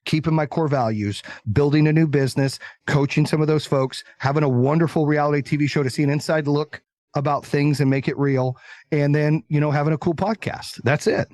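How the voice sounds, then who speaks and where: Male entrepreneur guest, blunt, animated storyteller, dry studio sound. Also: a little high, fairly quick, dry recording. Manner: animated storyteller, acts out quoted voices; confident, blunt. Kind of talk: casual interview chat.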